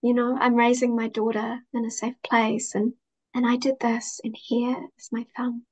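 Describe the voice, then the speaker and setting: Gentle, heartfelt woman with a higher, even voice. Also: normal speed. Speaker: interview guest. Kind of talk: reflective interview conversation.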